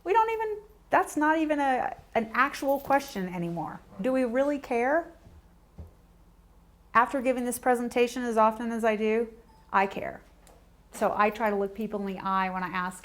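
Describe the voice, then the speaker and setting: A woman's voice: on the high side, animated, brisk. A woman presenting a training workshop to a small group. She speaks conversationally, asks the audience direct questions and acts out everyday exchanges.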